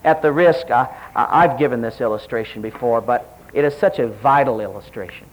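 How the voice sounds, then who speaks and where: A middle-aged man preaching, telling a story with lively quoted dialogue and direct questions to the congregation. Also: mid-range voice, brisk, lo-fi sound. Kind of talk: sermon.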